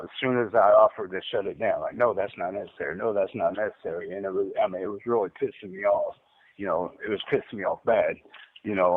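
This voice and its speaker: A man who stutters, telling a long rambling story over a phone call, halting and repeating his words as he goes. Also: on the low side, slight background noise. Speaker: caller recounting an interrogation. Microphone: phone handset. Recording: tinny dry phone line.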